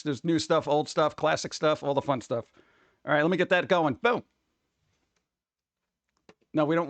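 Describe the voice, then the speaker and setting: A man's voice: sits high, fairly bright tone, no echo. A man chatting casually on a live stream, rambling and joking as he reads chat aloud.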